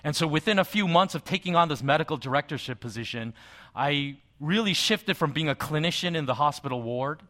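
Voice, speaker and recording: A middle-aged male pastor preaching a sermon, telling a personal story in a conversational way with soft asides. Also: a little high, animated, a little fast.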